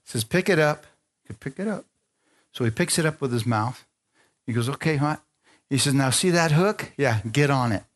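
Excitable preacher man telling stories. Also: mid-range voice, normal speed, long pauses. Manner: excitable, playful storytelling with call-and-response. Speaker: pastor. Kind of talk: sermon.

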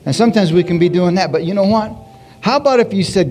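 Speaking high and quick, a pastor energetically preaches to his church congregation, posing questions for them to answer and repeating "Hallelujah" throughout. Faint music sits behind him, and there's a slight hiss or hum on the recording.

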